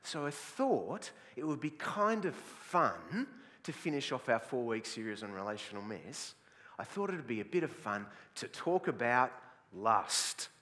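A man's voice: mid-range voice, very animated, a little slow, a bit bright. A man with an Australian accent, a pastor opening a sermon with playful, self-mocking jokes to his congregation. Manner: jokey, self-mocking, laughs at own jokes. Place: large church hall. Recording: long hall reverb.

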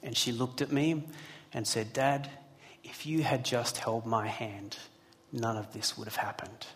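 A man's voice: mid-range voice, fairly even intonation, a little slow, a bit bright. Man preaching, earnest, chatty asides, church hall, long reverb. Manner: earnest storytelling with asides to the congregation. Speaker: pastor. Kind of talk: sermon. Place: church hall with a live congregation.

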